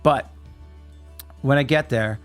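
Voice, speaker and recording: A man in casual conversation, recounting his start in music with lively energy. He slips into the voices of the people in his stories and laughs easily, his pitch sitting in a middle register. Faint music plays underneath. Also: slow pace. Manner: animated, acts out voices in his anecdotes. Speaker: musician telling his story. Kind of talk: casual storytelling chat.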